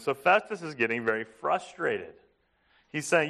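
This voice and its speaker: A man preaching a sermon, emphatic, asking his listeners questions and slowing down to stress a point. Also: mid-range voice, very animated, vocal fry, bright, forceful tone. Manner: emphatic, asks the congregation questions. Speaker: pastor.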